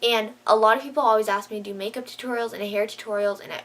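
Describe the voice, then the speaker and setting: A woman's voice: medium pitch, steady tone, fast talker, a bit bright. A woman vlogger chatting casually to camera, gushing and filling her talk with "like". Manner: gushing, says "like" a lot.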